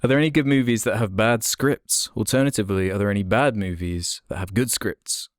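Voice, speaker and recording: A man co-hosting a podcast, chatting casually in a relaxed, dry way and reading out listener questions. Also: on the low side, brisk, no room sound. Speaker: podcast co-host. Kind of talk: casual chat.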